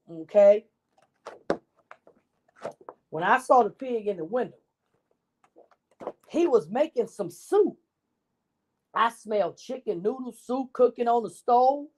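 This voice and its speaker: A woman reading a children's bedtime story in an expressive, animated way. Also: a little high.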